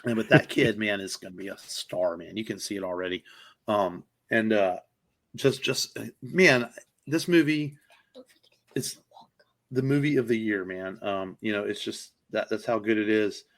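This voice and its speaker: A man's voice: fairly low pitch, normal speed, a bit bright. A man on a podcast chatting casually about films, enthusiastic and rambling, with lots of fillers and the odd swear word. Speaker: podcast co-host. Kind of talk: casual movie review chat.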